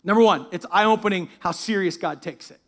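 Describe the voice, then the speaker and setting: A man preaching a sermon as pastor, animated and joking, dropping to a hushed voice when he reads scripture aloud. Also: high-pitched, fairly quick. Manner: laughs at his own asides.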